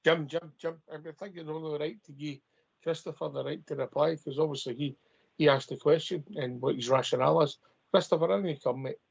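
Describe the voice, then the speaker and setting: A Scottish man hosts a fan phone-in show in an easygoing tone, bringing in callers and calling people mate. His voice sits a little high. The audio is muffled and lo-fi. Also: steady tone, fairly quick, vocal fry, husky. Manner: easygoing, says "mate" often. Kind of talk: casual chat, hosting. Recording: dull lo-fi sound.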